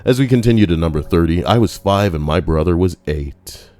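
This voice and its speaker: Deep-voiced crude comedic man. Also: animated, fairly quick, a little mellow, soft background music. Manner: crude, profane, jokey asides. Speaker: YouTube narrator reading forum posts. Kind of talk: comedic reading with riffing commentary.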